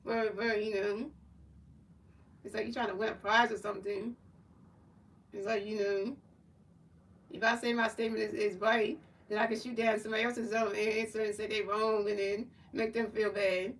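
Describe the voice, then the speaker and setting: A woman's voice: mid-range voice, level tone, normal speed, far from the mic, rough recording. A woman streamer in casual chat, rambling and repeating herself as she answers her chat. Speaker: livestreamer.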